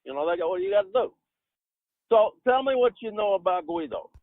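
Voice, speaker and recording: A man puts on a brash, streetwise New Jersey Italian tough guy, with an exaggerated drawl and a voice sitting fairly high. It comes through a tinny, phone-like line with no room echo. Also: lively intonation, fairly quick, vocal fry. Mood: joking. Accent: New Jersey Italian (put on).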